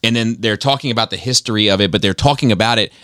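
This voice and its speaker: Podcast co-host, rambling and casual, somewhat low voice, dry room. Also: male voice, fast, fairly bright tone, no room sound. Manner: rambling, many fillers and restarts.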